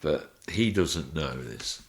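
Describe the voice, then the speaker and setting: A man on a podcast telling animated showbiz stories, laughing as he acts out the people in them. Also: a bass voice, slow pace. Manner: animated, laughing storyteller acting out voices. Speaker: guest telling anecdotes. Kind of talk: podcast interview storytelling.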